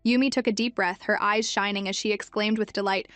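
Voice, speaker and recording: A woman narrating a story recap in an even, measured storytelling manner. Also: mid-range voice, dry recording, soft background music.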